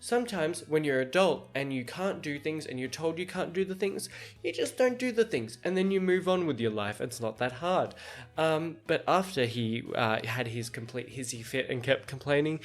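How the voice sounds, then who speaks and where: Male podcast host, light high-ish voice, chatty and animated, plays out quoted dialogue. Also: moderate pace, faint music behind. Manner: animated, laughs often, acts out quoted dialogue. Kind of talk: casual storytelling monologue.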